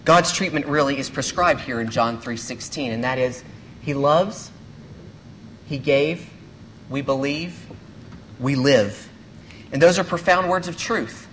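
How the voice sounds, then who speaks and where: A man serving as a pastor, giving a sermon to a church congregation in an earnest, measured way, often posing rhetorical questions. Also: mid-range voice, a bit bright, a little hiss or hum.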